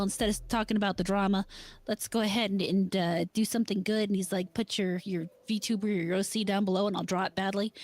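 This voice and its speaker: A woman on a casual streamed podcast, making dry, blunt quips and telling a short story. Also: medium pitch.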